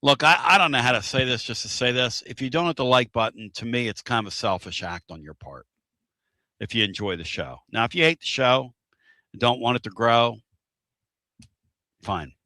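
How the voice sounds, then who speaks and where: A man's voice: medium pitch, animated, moderate pace, pushed and bright, no room sound, clean studio sound. A man hosting a casual live-stream talk show, talking in a rambling, folksy way and repeating himself. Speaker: show host.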